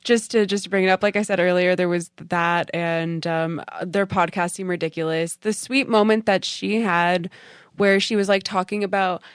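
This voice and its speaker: A woman's voice: fairly low pitch, fairly even intonation, normal speed, clean tone, no room sound, clean studio sound. A woman co-hosting a podcast, chatting casually about a film in a rambling way with lots of fillers. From Canada. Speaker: podcast co-host.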